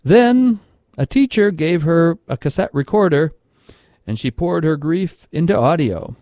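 A man hosting a storytelling show, reading a scripted introduction in a slow, measured way. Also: on the high side, expressive, warm tone, no echo. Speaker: radio host. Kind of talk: scripted narration.

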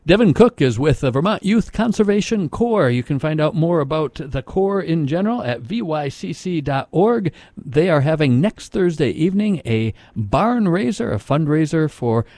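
A man with a dark, mellow voice hosts a community radio program from a dry studio. He talks in a casual, unhurried way, often pausing on fillers. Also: fairly high pitch, expressive, dry recording. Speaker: radio host.

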